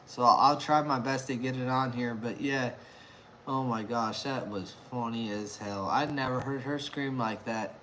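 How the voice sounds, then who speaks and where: A man chatting casually on a live stream at home, excitable and rambling, laughing often. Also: medium pitch, moderate pace, a little hiss or hum. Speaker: beer review vlogger.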